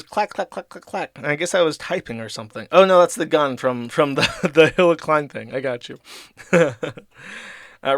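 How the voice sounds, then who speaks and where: A man with a slightly high voice runs a loose, casual livestream, reading viewer messages aloud and riffing on them. He laughs a lot and swears freely, recorded dry and close to the mic. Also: fairly bright tone, no room sound. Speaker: livestream host.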